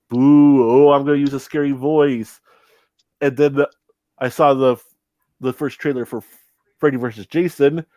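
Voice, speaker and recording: A young man talks loosely on a podcast, circling back with fillers and false starts. His voice sits at an ordinary pitch. The sound is dry and close, with no room around it. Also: darkish tone, no room sound. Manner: rambling, many restarts and fillers. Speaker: podcast co-host. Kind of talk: casual chat.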